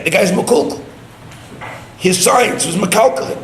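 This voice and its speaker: A man's voice: high-pitched, expressive, moderate pace, pauses often. A man giving a sermon as a rabbi, talking emphatically and with scorn, dropping Hebrew and Yiddish terms. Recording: roomy echo, faint background hum.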